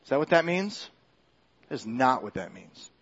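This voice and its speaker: A man's voice: medium pitch, very animated, normal speed, a bit bright, slightly rough, lo-fi sound. A man preaching a sermon in a church, talking in a loose conversational way with restarts and self-deprecating asides. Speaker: pastor. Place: church sanctuary.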